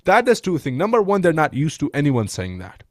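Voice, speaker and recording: A man's voice: a little high, fairly quick, no echo, studio quality. A man coaching on sales messages in a casual, slangy way, often tossing in "bro" and "right?". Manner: animated, slangy, says "bro" and "right?" a lot.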